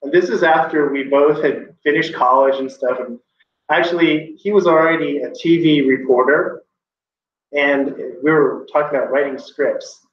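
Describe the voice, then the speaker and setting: A man's voice: on the high side, moderate pace, slight background noise. A man teaching a grammar class, emphatic and opinionated, explaining with examples. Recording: echoey room from far off, dull.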